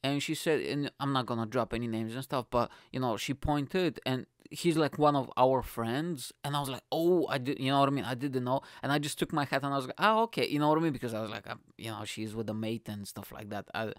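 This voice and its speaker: A man who does stand-up tells a long, rambling story at his own expense, swearing casually and laughing at himself along the way. His voice sits at an ordinary middle pitch. The sound is dry and close, with no room around it. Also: quick pace, few pauses, dry recording. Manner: rambling, self-mocking, swears freely. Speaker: stand-up comedian.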